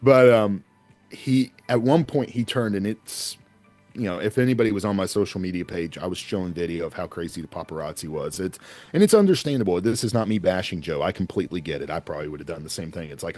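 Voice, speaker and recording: A man talking as a podcast guest, telling animated anecdotes in a casual way and laughing often. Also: deep voice, fairly quick. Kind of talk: casual storytelling chat.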